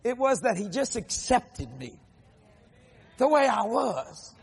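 A man in his sixties preaching a testimony sermon, telling his story in a lively, animated way and acting out the voices of others, with casual folksy grammar. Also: very high-pitched, slow, gravelly, breathy edge, big-room sound. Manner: animated storytelling, acts out quotes.

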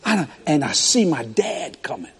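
A man preaching a sermon as pastor, telling stories in an animated way with laughs. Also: a little high, a little slow. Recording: echoey hall.

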